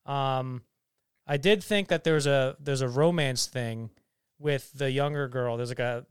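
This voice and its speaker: A man's voice: mid-range voice, unhurried, clear, resonant tone, no echo, studio quality. A young man co-hosting a casual movie review podcast, rambling with lots of fillers and teasing his friend. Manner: rambling, heavy on fillers and restarts; teasing, joking banter. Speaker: podcast co-host.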